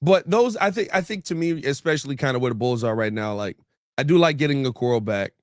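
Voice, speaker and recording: A man's voice: medium pitch, animated, fast talker, no echo, clean studio sound. A man hosting a casual sports talk show, blunt and opinionated with a joking edge. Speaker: sports podcast host.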